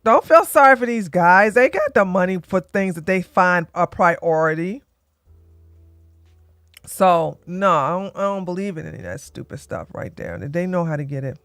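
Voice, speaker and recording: A woman's voice: on the low side, lively intonation, normal speed, fairly bright tone, no room sound, faint music behind. A woman in her forties hosting a livestream, blunt and joking as she comments and tells stories. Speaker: livestream host. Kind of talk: casual commentary and storytelling.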